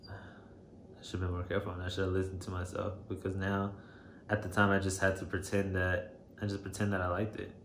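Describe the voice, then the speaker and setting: A man telling a personal story to camera, shaken and emotional, halting and hesitant with many fillers. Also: low-pitched, completely flat delivery, fairly bright tone. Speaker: vlogger. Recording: roomy echo, faint background noise.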